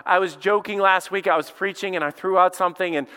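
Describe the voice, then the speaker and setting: A middle-aged pastor delivers a sermon, his voice high and bright. He preaches emphatically and talks to the congregation conversationally, repeating his phrases. The words ring out with a long reverb. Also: fairly even intonation, fast, smooth.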